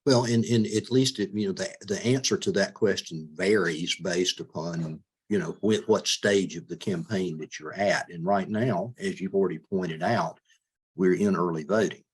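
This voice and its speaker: A man, a judicial candidate, answering interview questions in a measured way, often stumbling and repeating words. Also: low-pitched, husky.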